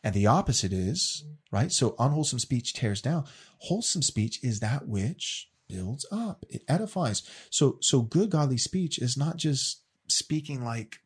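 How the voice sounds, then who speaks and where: Husky male teacher, casual, earnest, restarts often. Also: mid-range voice, sing-song, unhurried. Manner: earnest, repeats words as he restarts.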